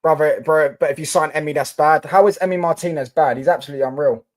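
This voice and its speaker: A young man hosts a casual live stream, talking loosely and answering viewer comments as they come in. He speaks in a somewhat higher register, with frequent fillers and restarts. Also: steady tone, fast talker.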